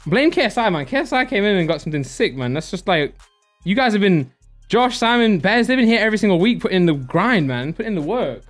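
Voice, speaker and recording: A young man hosting a live stream, chatty and excitable, laughing often and giving shout-outs to viewers. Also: high voice, quick pace, soft background music. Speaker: live-stream host opening card packs.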